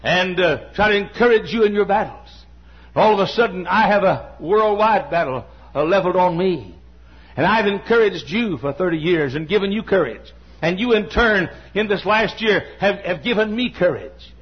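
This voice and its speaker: An older man preaching a sermon as pastor, repeating his points and building up to shouts. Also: sits high, expressive, normal speed, husky, muffled recording. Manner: impassioned preaching, repetitive, rising to shouts.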